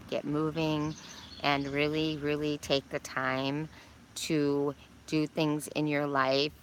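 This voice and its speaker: Older woman astrology vlogger, low pitch, gravelly edge, bright tone, chatty and encouraging outdoors. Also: a little hiss or hum. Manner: chatty, encouraging, rambling with fillers. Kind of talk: casual spoken weekly message.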